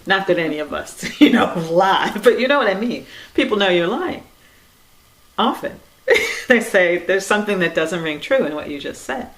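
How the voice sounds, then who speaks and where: A woman giving a reflective spiritual talk in a conversational way, with many "you know"s, soft laughs, and quiet trailing phrases. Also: mid-range voice, lively intonation, normal speed, low-quality recording. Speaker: dharma talk speaker.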